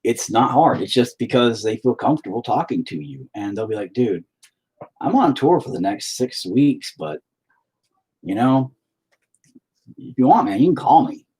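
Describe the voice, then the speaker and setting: A man's voice: medium pitch, big pitch swings, moderate pace, pauses often, mellow, husky. A middle-aged man telling rambling, profane stories in a laid-back way while painting. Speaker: painter and musician streaming. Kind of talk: casual storytelling while painting.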